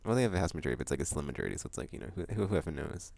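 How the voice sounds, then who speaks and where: A man hosting his monthly vlog, chatting loosely with lots of fillers, restarts and bursts of excitement. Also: extremely low pitch, very fast, vocal fry, dry recording. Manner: excitable outbursts about upcoming games. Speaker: vlog host. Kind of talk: casual rambling monthly vlog chat.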